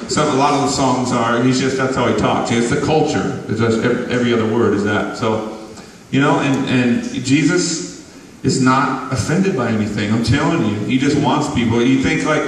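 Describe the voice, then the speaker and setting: A man's voice: medium pitch, normal speed, recorded from a distance, a little hiss or hum. A man giving a loose, rambling testimony in an interview, laughing often, recorded from afar in a large hall. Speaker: guest musician.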